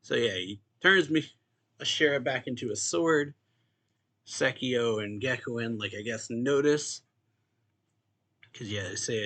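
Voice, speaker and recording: A man's voice: fairly low pitch, measured pace, a bit bright. A young man hosting a manga reaction channel, casually recapping a chapter in a loose, chuckling way full of filler words.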